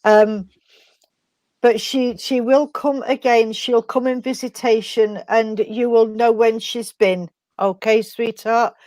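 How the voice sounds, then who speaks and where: A woman medium gives an emotional reading at a service, her fairly high voice tender and halting. She keeps breaking off and restarting, and she often calls the listener sweetheart and darling. The sound is dry and close, with no room echo. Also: fairly even intonation, a little mellow. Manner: halting, tender, full of endearments. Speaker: spiritualist medium.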